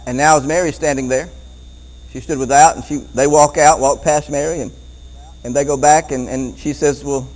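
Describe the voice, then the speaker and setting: Animated preacher man, fairly high voice. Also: moderate pace, low-quality recording. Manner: animated, repeats words, chuckles often. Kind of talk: bible teaching sermon.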